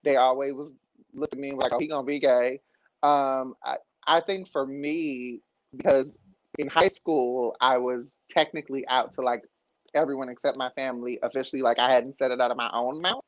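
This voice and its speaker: A man's voice: medium pitch, steady tone, moderate pace, dry recording. A man in a casual panel chat, speaking earnestly and thoughtfully. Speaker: podcast co-host. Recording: dry, dull lo-fi sound.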